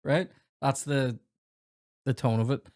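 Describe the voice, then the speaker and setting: A man's voice: mid-range voice, steady tone, slow, darkish tone, no room sound, clean studio sound. A man, a comedy podcast host telling rambling, sweary childhood anecdotes and acting out the dialogue. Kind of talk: casual storytelling chat.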